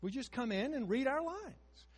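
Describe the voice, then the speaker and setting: Older male preacher, husky, highly expressive delivery. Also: normal speed, in a large hall. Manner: animated, swings between hushed storytelling and emphatic rises. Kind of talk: sermon.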